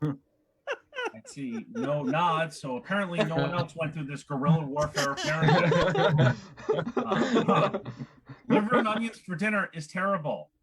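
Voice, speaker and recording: A man's voice: fairly high pitch, unhurried, over a noisy crowd. A man in his forties doing a brash, profane stand-up set at an open mic in a small comedy club. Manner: brash, profane, punchy delivery.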